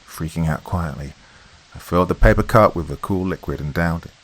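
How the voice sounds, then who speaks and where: Deep-voiced man narrating a horror story. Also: fairly quick, a bit bright, poor audio.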